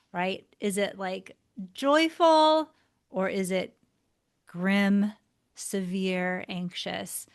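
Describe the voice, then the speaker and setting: Slow-paced expressive woman teaching. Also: on the high side. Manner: expressive, varies tone and pace for emphasis; gestures deliberately while talking. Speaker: body language instructor. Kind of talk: scripted lesson to camera.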